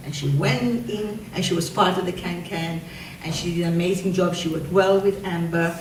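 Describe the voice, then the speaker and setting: A woman teacher giving an award speech at a school ceremony, telling a story with halting restarts. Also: on the low side, fairly even intonation. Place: school hall. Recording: echoey room, distant from mic, faint noise.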